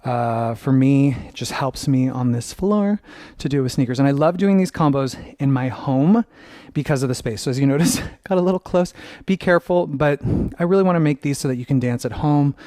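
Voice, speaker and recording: A man's voice: mid-range voice, a little fast, mellow, dry recording, studio quality. A man teaching a dance combination at home, upbeat, counting steps aloud and scatting the rhythm while he moves. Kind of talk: dance tutorial instruction. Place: dancing at home.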